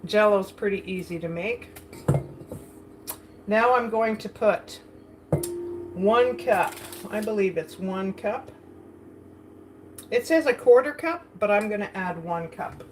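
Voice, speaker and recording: A woman's voice: mid-range voice, animated, slow, long pauses, noisy background. A woman chatting casually while cooking in her home kitchen for a vlog, rambling and laughing often. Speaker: vlogger.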